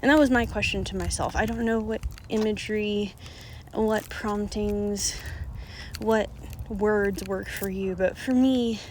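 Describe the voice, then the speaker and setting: A woman with a mid-range voice tells her own story straight to her viewers. She is frank and swears freely. She drops to a near-whisper, then comes back up with emphasis, over a faint background hiss. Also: mid-range voice. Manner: frank and profane, drifting between hushed and emphatic. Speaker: oracle card reader and vlogger. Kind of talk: candid personal storytelling.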